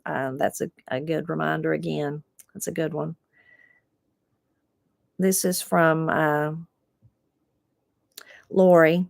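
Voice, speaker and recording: A woman with an Appalachian accent, reading viewer comments aloud and musing on them in an unhurried, folksy, reflective way. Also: low voice, steady tone, gravelly, no echo, studio quality. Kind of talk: casual chat.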